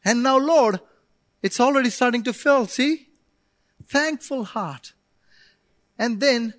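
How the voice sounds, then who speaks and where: High-voiced pastor preaching animatedly. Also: male voice, unhurried, dry recording, clean studio sound. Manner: animated preaching with playful asides and acted-out prayers. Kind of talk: sermon.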